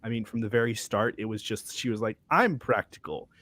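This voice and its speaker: Man, fairly low voice, casual guest, thinks aloud, restarts, video call. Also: completely flat delivery, fast talker. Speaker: guest reviewer. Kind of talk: casual book discussion.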